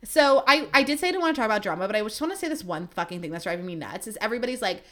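A woman's voice: medium pitch, animated, rapid-fire, fairly bright tone. A young woman hosting a solo podcast, gushing and swearing as she rambles with lots of fillers, emotional and close to tears. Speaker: podcast host.

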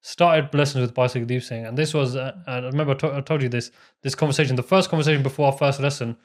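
Young man, animated storyteller on a talk show, laughs often. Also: mid-range voice, fast. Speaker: podcast co-host. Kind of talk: casual storytelling chat.

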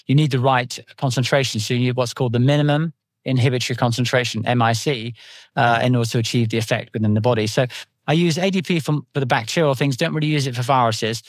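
A British man in his fifties talks quickly as a podcast guest, wandering through anecdotes while he explains. His pitch sits in an ordinary middle range. The recording is dry and close. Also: fairly even intonation, no echo. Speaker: nutritional therapist guest. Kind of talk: podcast interview.

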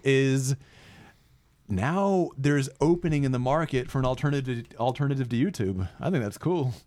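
A man's voice: medium pitch, a little mellow. A man on a podcast panel talking casually and earnestly, often restarting his phrases. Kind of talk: casual chat.

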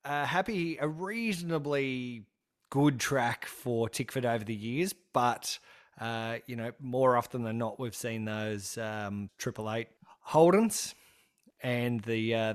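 A male podcast host in casual chat, asking questions and thanking sponsors. He talks haltingly, with many fillers and restarts as he goes. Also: mid-range voice.

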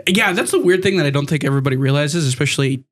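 A man's voice: fairly high pitch, rapid-fire, a bit bright. Joking man co-hosting a podcast. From United States. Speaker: podcast co-host. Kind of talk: casual gaming podcast chat.

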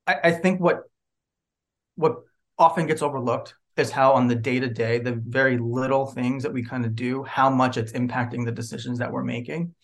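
A man's voice: medium pitch, steady tone, normal speed. A man who is a licensed clinical social worker, guesting on a podcast and explaining his ideas in a reflective, easygoing way. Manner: reflective, explaining, laughs easily. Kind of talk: casual podcast interview.

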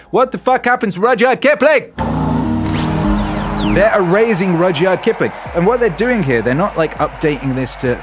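A man hosting a stream, ranting sarcastically and swearing, now and then putting on squeaky mocking voices. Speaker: stream host. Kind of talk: casual ranting stream talk. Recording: loud music behind the voice.

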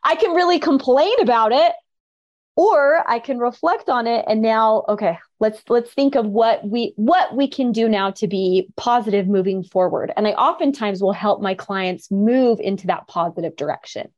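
A woman's voice: a little high, normal speed, a little mellow, lo-fi sound. A woman coach speaking as a podcast guest, upbeat and enthusiastic. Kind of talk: conversational podcast interview.

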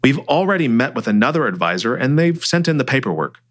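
A man doing a steady, measured older mentor. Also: mid-range voice. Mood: firm, concerned. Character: calm, firm male client and mentor.

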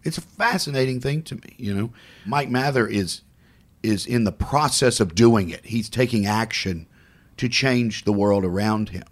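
A man's voice: mid-range voice, moderate pace. Male podcast co-host, casual storyteller, jumps into other people's voices. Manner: animated, acts out voices in his stories.

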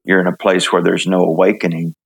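An older man from the United States telling his story in an interview, halting, with many fillers and restarts. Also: low voice, little pitch movement, creaky, breathy edge. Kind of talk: relaxed testimony in conversation.

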